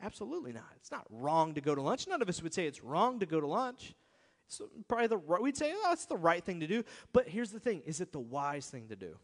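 Male pastor, high voice, conversational emphatic sermon, long hall reverb. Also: big pitch swings, fast talker. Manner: conversational and emphatic, with repeated rhetorical questions.

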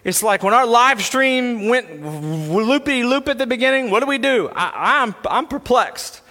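High, bright-voiced preacher man in a reverberant church. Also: lively intonation, moderate pace. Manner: earnest, builds to impassioned preaching. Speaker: pastor. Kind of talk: sermon. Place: church sanctuary.

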